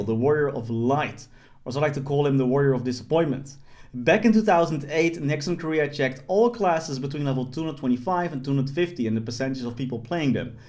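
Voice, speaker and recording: A young man with a fairly high voice narrates his gameplay in a loose, joking voice-over. He rambles with lots of fillers and restarts, like a gaming host chatting to his viewers from his desk. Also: darkish tone. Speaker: gaming YouTuber. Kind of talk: casual gameplay commentary.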